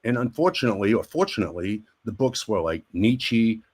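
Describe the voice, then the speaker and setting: Husky man telling rambling stories. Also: fairly low pitch, fairly quick. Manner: rambling, animated storyteller, acts out quotes. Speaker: guest, actor and army veteran. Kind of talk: casual storytelling chat.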